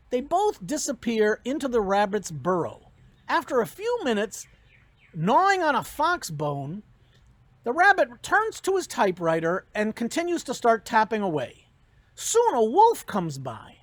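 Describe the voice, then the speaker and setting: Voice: medium pitch, sing-song, measured pace, fairly bright tone, dry recording. A professor giving a commencement speech, telling jokes and giving advice in a storytelling manner.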